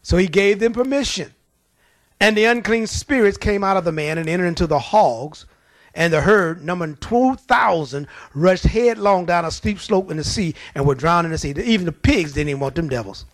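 Male preacher, high voice, emphatic and colloquial storytelling, dry close recording. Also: normal speed, no echo. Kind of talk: sermon.

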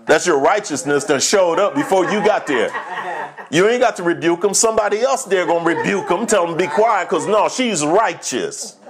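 A man preaching a sermon as pastor, mixing folksy stories with slow, deliberate scripture reading. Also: sits high, animated, a crowd in the background. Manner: folksy, chuckles through his stories.

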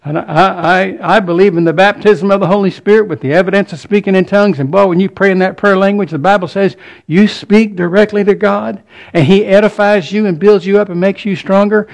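A man's voice: high-pitched, fairly even intonation, fairly quick, gravelly. A man preaching a sermon, earnest, often repeating words as he builds each point.

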